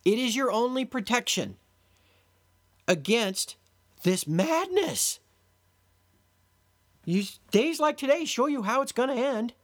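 A man's voice: very high voice, expressive, slow pace, long pauses, a bit bright. A man hosting a solo podcast, delivering an exasperated, sarcastic lecture to his listeners. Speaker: podcast host. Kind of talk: solo commentary monologue.

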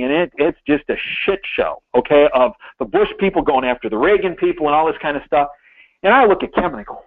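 A man's voice: fairly high pitch, no echo. An older man telling stories as a guest in an interview, rambling and emphatic with many restarts. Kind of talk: phone-in interview storytelling. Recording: tinny phone line.

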